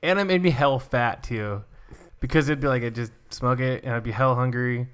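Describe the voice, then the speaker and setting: A man's voice: mid-range voice, moderate pace, fairly bright tone, clean tone. A young man co-hosts a casual podcast, telling stories in a loose, rambling way. He leans on filler words and jumps between thoughts. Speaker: podcast co-host. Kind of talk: casual chat.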